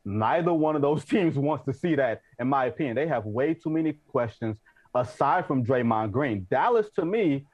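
A man's voice: medium pitch, expressive, moderate pace, muffled recording. Brash man arguing basketball takes. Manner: brash, emphatic, teasing. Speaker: guest analyst. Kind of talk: sports debate talk.

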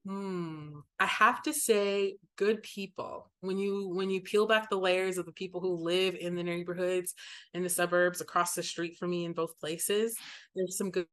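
A woman's voice: lowish voice, fairly even intonation, normal speed. A woman from Maryland, a sports sponsorship executive, answering questions in an upbeat, casual podcast interview. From Maryland, United States.

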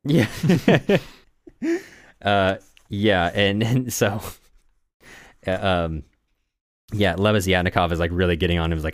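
A man co-hosting a podcast, casually recapping a novel in a halting, rambling way with many restarts and frequent laughs. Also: low voice, lively intonation, no room sound, clean studio sound. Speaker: podcast co-host.

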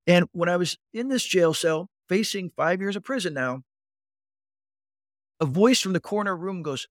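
A man in his fifties telling his life story as an interview guest, animated and addressing the host directly. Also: sits high, normal speed, dry recording, studio quality. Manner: animated storyteller who acts out quoted voices and keeps addressing the host. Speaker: guest recounting his recovery.

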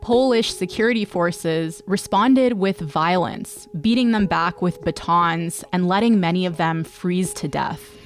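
A woman hosting a news podcast, interviewing a reporter and narrating scripted news in a measured, clear way. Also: lowish voice, soft background music.

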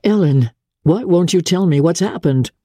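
A woman voicing an earnest young gentleman who speaks in a pleading, smitten way. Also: rumbling low, animated, a little slow, breathy edge, dry recording, studio quality, full character voice.

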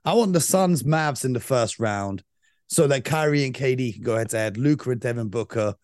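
Male podcast host, middle pitch, dry close sound, firm and opinionated. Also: expressive, fairly quick, darkish tone, no room sound. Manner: runs the segments, speaks to listeners, firm and opinionated. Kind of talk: casual chat.

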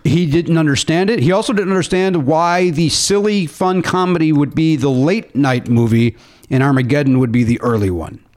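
A man's voice: on the high side, normal speed, a little mellow. A middle-aged man in casual conversation, rambling through stories with many fillers and restarts. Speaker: podcast co-host. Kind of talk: casual chat.

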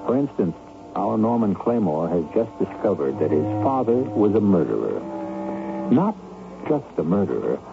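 A man introducing a radio mystery as host, in measured, faintly ironic scripted narration. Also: sits low, very animated, vocal fry. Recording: tinny old radio broadcast with hiss.

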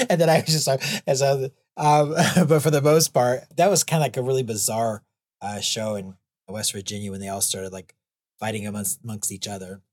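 A man of middle pitch who talks in a loose, rambling way, laughing lightly between thoughts. His voice sounds dry and close, with no room around it. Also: steady tone, normal speed, darkish tone, dry recording. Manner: rambling, chuckles often, many "you know"s. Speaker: guest, clown and anti-bullying author. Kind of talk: casual interview chat.

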